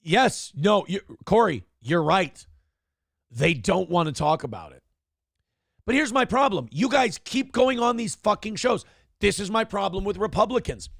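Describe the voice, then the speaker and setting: A man hosting a morning show, ranting with profane sarcasm in a high, gravelly voice. His pitch swings widely as he talks, and the sound is dry and close. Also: no room sound. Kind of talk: ranting commentary on news clips.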